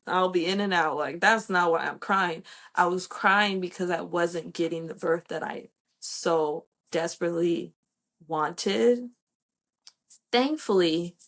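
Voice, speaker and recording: Young American woman, low-ish voice, slow, chatty personal monologue. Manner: chatty, fills with "like" and "okay", acts out quoted voices. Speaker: podcast host sharing her birth story.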